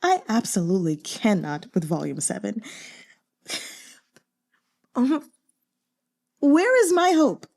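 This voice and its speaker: A woman's voice: medium pitch, big pitch swings, takes it slowly, gravelly, long pauses, a little mellow. A woman reading a novel aloud who then talks candidly and in exasperation about it, using lots of fillers. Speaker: audiobook reader. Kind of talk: casual reader commentary.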